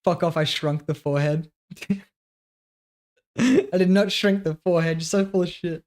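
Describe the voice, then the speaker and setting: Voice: mid-range voice, normal speed, darkish tone. Streamer, casual chat to viewers, loose jokey swearing, mid-range voice, lots of chuckles. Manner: loose and joking, laughs often and swears; talks to self while working, trailing off mid-sentence. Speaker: livestreamer.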